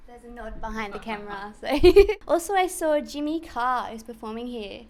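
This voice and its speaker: A woman's voice: fairly high pitch, lively intonation, normal speed, a little mellow. Eager young woman interviewer. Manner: eager, thankful, slightly nervous. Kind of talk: casual interview wrap-up. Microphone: handheld microphone.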